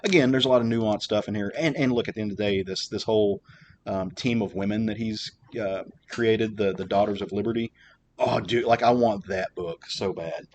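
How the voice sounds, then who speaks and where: A man's voice: on the low side, moderate pace, slight background noise. A man hosting a podcast, chatting casually with lots of fillers and restarts. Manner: rambling, many fillers and restarts. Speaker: podcast host. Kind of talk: casual chat.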